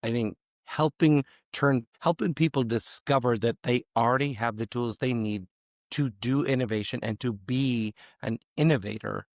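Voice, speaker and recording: A man guest on a podcast, his voice a little raspy today, speaking in a measured, deliberate way. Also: medium pitch, a little mellow, dry recording, clean studio sound. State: slightly raspy voice. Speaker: guest, educator. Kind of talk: conversational interview.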